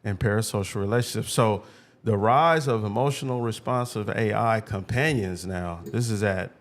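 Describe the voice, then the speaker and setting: A man co-hosting a podcast in casual chat, laid-back, his voice trailing off quietly at the end of phrases. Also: fairly low pitch, normal speed. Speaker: podcast co-host.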